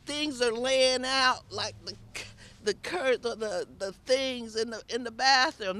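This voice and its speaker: Woman, tenant testimony, slow deliberate pace, bright edge, emotional, exasperated. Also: on the high side. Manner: emotional, exasperated, bursts of shouting. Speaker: tenant speaking at a rally.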